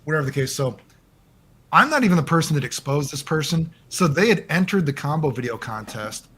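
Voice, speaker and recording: A man as the guest in a casual interview over a call, rambling and animated and swearing often. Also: a little high, fairly quick, slightly rough.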